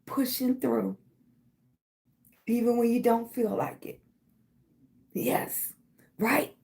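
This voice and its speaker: A middle-aged woman hosts a motivational livestream. She talks slowly and pushes each affirmation again and again, calling her viewers baby. Her voice sits a little high. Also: darkish tone. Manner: emphatic, repetitive affirmations, calls viewers baby. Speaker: livestream host.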